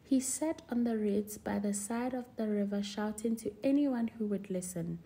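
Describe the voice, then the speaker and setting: Mellow woman reading a children's story. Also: mid-range voice, normal speed, creaky, hardly any pauses. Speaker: storyteller for a library.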